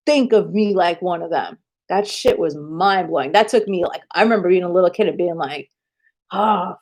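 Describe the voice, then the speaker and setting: A woman chatting on a live stream, telling animated, profane stories with frequent laughs. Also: medium pitch. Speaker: livestreamer. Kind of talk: casual live-stream chat and storytelling.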